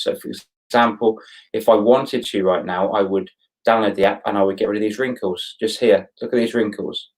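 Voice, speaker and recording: A man with a fairly low voice ranting live to his viewers. He sounds middle-aged and openly annoyed. He stops now and then to greet people by name. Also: a little mellow, poor audio. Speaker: livestream host. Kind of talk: casual live chat to viewers.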